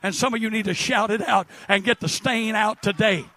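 A middle-aged man preaching a fervent Pentecostal sermon that rises to shouts. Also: sits high, steady tone, a little fast, few pauses, dry recording. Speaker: pastor.

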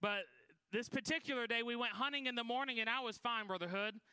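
Bright, high-voiced preacher man. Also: fast talker, clean tone, no room sound. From Michigan, USA. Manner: folksy, self-deprecating storytelling with frequent restarts. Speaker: guest preacher. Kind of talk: Pentecostal sermon with personal story.

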